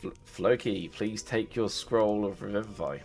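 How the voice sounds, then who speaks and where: Male dungeon master, low voice, loose chatty narration. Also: normal speed, creaky, a little mellow, soft background music. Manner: rambling, many fillers and restarts. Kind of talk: casual game narration.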